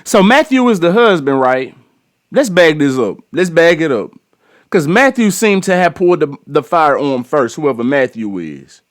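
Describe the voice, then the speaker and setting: A man's voice: fairly high pitch, big pitch swings, normal speed. A man giving casual reaction commentary on a news clip, blunt, slangy and profane, scolding the people involved and restarting his phrases as he goes.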